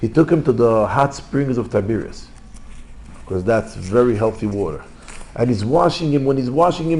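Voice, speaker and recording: Man giving an animated Torah class. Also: mid-range voice, moderate pace, low-quality recording. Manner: animated storytelling in non-native English. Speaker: rabbi teaching a class. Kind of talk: informal Torah lesson.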